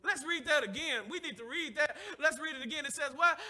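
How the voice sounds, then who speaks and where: A man preaching in a very high, piercingly bright voice. He swings from fervent shouts down to hushed near-whispers and calls on the congregation to answer him during a church service. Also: a little fast, few pauses. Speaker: pastor. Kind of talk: sermon. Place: church service, streamed live.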